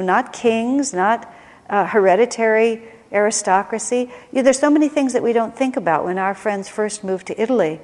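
A woman's voice: medium pitch, darkish tone. A woman leading a spiritual class, speaking conversationally and reflectively, often restarting her sentences. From United States. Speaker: spiritual teacher. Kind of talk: teaching a class. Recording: long hall reverb.

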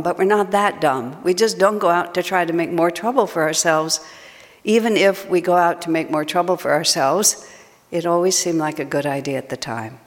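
An older woman, a spiritual teacher, telling a chatty, self-mocking personal story and laughing often. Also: on the low side. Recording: long hall reverb.

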